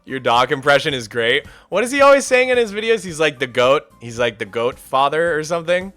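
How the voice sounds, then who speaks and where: A man streaming and telling a story in a casual, rambling way, animated and full of "like" and restarts. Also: on the high side, brisk, faint music behind. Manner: animated, rambling, repeats himself, lots of "like".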